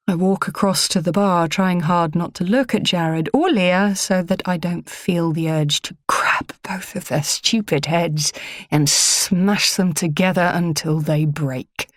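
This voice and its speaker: A woman reading a first-person audiobook in a measured, low-key delivery. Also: steady tone, no room sound, clean studio sound. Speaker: audiobook narrator.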